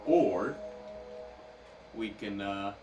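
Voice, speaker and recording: A man's voice: lowish voice, extremely slow, muffled recording, music in the background. A man playing a game and chatting casually with a friend, joking and rambling as he goes. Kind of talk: casual let's-play chat. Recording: echoey, distant mic, noisy background.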